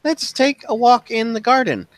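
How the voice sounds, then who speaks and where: A man's voice: very high voice, big pitch swings, moderate pace, dry recording, voice pushed up. A man voicing a flirtatious woman adventurer with a teasing manner. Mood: coy.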